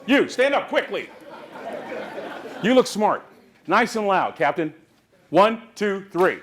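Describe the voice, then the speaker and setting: Bay area guy preaching a motivational speech, kinda high voice, big swings, talks back and forth with the crowd. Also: animated, slow pace, a little hiss or hum. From San Francisco Bay Area. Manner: preacher-like, call-and-response with audience. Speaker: motivational speaker. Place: conference hall with live audience.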